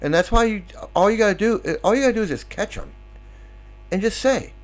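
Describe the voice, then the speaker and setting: A man's voice: high-pitched, expressive, a little fast. Sarcastic ranting male commentator. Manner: sarcastic, combative, rhetorical questions. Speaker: online commentator. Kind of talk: ranting monologue.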